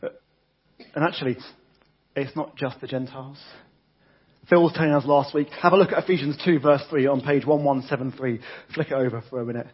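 A man's voice: medium pitch, steady tone, a little fast, long pauses, husky, muffled recording. A man preaching a conversational sermon with frequent restarts and repeated words.

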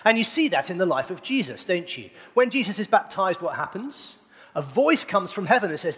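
A man's voice: high-pitched, sing-song, fairly quick, fairly bright tone. A middle-aged man preaching a sermon, playfully quizzing his congregation. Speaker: pastor. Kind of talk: sermon with congregation call-and-response. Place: church hall. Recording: long reverb of a church hall.

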